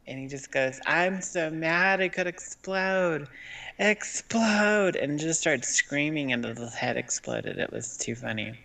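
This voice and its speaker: A man's voice: medium pitch, vocal fry, fairly bright tone, recorded from a distance. A man in casual chat, blunt and swearing, telling comedy stories.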